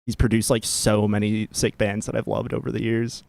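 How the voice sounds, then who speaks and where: Young upper midwest guitarist dude, gravelly lowish voice, gushing about bands, dry sound. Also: male voice, monotone, moderate pace, a little mellow, no room sound. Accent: Upper Midwest American. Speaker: podcast guest, guitarist. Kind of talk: casual chat.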